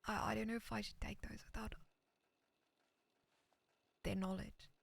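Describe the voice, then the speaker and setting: Here an unhurried female roleplay streamer stays in character for western roleplay chat, reading messages aloud tentatively and often sinking into a whisper. Her mid-range voice carries vocal fry and little pitch movement, with no room sound.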